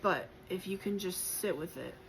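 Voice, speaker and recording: A woman giving a spiritual collective tarot reading, gentle and encouraging, reflective, with many pauses and fillers and moments of emotion. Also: on the low side, expressive, gravelly, slight background noise, rough recording. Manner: emotional at times. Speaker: tarot reader.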